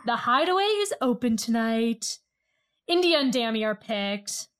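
A woman co-hosting a casual podcast, briskly recapping a reality show and laughing often. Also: on the high side, sing-song, clear, resonant tone. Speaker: podcast co-host.

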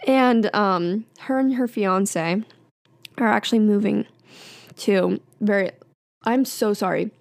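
A woman's voice: medium pitch, takes it slowly, gravelly, long pauses, no room sound, studio quality. A young woman hosting her own podcast, talking casually and candidly with frequent fillers and light laughs. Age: young adult. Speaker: podcast host. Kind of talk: casual solo podcast chat.

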